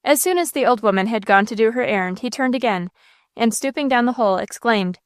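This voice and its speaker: A woman narrating a classic novel aloud in a measured, expressive way on a close mic. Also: medium pitch, no room sound. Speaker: audiobook narrator. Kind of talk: scripted audiobook narration.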